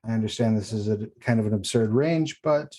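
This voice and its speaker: Mellow-voiced man running a tabletop game. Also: on the low side. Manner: measured, explains patiently. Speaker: game master.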